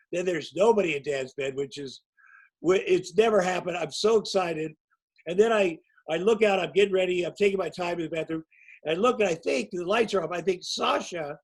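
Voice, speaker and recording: A man in his sixties with a notably high voice spins loose, rambling anecdotes as a guest. He tells them casually and pokes fun at himself as he goes. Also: low-quality recording. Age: 60s. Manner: rambling, anecdotal, self-mocking. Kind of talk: casual storytelling.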